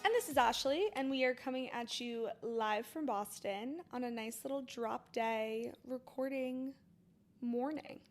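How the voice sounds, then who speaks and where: A woman co-hosting a chatty podcast, her voice high. She talks in a bubbly, enthusiastic way. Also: a little slow. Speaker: podcast co-host. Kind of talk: casual chat.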